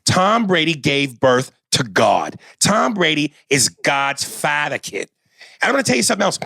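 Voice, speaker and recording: Brief: man impersonating a brash Boston tough guy, profane and boastful, raised pitch, dry close sound. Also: sing-song, normal speed, gravelly, bright, forceful tone, dry recording, heavily acted. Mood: hyped ranting. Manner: profane, boastful rambling rant. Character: brash Boston tough-guy movie star impression, male.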